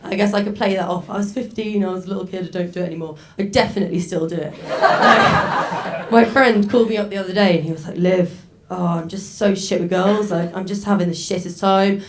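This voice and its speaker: A woman's voice: mid-range voice, a little fast, slight background noise. Young woman comic, rambling, self-mocking stand-up delivery. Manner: chatty, self-mocking, with many fillers. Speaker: stand-up comedian. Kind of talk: stand-up set. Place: stage before a live audience.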